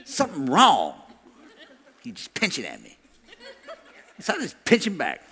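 A male pastor preaching a sermon, animated and laughing, acting out quoted voices. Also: a little high, moderate pace, gravelly, long reverb tail.

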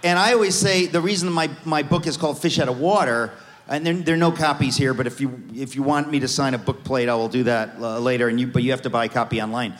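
A man from the United States, a guest author telling his life story on stage in an animated, joking way. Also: mid-range voice, fast talker, big-room sound.

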